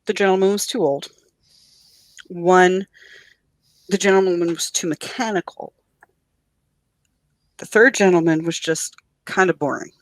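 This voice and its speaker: A woman writer as a guest on a podcast, telling an excited story about her audiobook. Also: lowish voice, no room sound. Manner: animated storyteller. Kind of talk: podcast interview.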